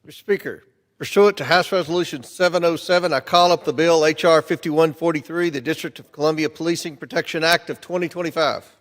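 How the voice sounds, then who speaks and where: A man making a formal closing statement in a floor debate, measured and combative. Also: on the high side, fairly even intonation. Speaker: congressman managing a bill. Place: large legislative chamber. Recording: long reverb of a large chamber.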